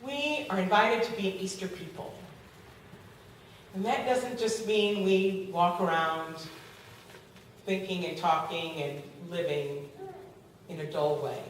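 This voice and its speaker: A woman's voice: on the low side, slow pace, long pauses. Woman preaching in an echoey church. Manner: lively storytelling, acting out the people in her story. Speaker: pastor. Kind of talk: sermon. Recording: echoey, far from the mic, faint hiss.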